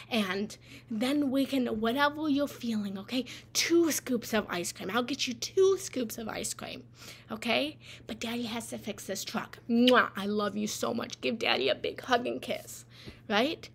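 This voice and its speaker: A woman's voice: a little high, animated, a little slow, creaky, a bit bright, full character voice. A woman voicing a patient, loving father who soothes his child and calls her honey. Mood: reassuring. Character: patient, loving father busy fixing a truck.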